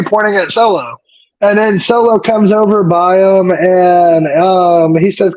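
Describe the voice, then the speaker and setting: High-voiced man in dull lo-fi sound. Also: steady tone, a little slow. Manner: rambling, swears often, many fillers. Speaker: wrestling podcast co-host. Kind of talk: casual chat recapping a wrestling show.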